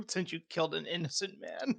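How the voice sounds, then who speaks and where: A man's voice: a little high, sing-song, normal speed, creaky, fairly bright tone. Laughing man running a tabletop game. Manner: laughs often while narrating outcomes. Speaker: dungeon master.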